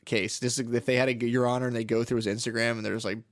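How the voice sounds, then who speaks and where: A man's voice: mid-range voice, fairly even intonation, fairly quick. A man co-hosting a comedy podcast, rambling in casual profane chat, laughing often and slipping into mocking impressions. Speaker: podcast co-host.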